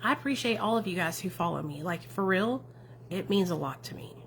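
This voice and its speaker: Encouraging low-voiced woman livestreaming. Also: brisk. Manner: affirming and encouraging, many tag questions. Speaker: addiction recovery advocate and streamer. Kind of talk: casual livestream chat answering viewer comments.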